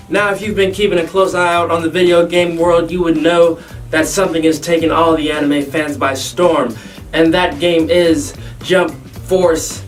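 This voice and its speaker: Give me an energetic male gaming host with a fairly high voice, recorded from a distance over music. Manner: energetic, jokey, self-mocking asides. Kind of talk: hyped gaming video commentary. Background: background music.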